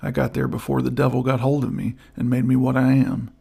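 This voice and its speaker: A man reading the part of a gruff, gloomy old outlaw who offers hushed help. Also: medium pitch, flat delivery, a little fast. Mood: low urgent. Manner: rough, hushed, conspiratorial. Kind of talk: audiobook character voice.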